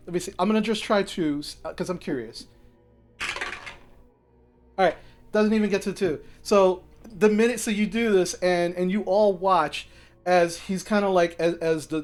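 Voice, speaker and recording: Guy running a tabletop game, kinda high voice, lots of ums and restarts, faint music behind. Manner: halting, many fillers and restarts. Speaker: game master.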